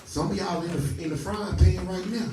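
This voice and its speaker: A high-pitched man speaks at a moderate pace, picked up from a distance against a noisy background with roomy echo. Leading a scripture study, he preaches emphatically in call-and-response style, halting his reader to repeat and question each line. He's folksy, telling stories punctuated by laughs.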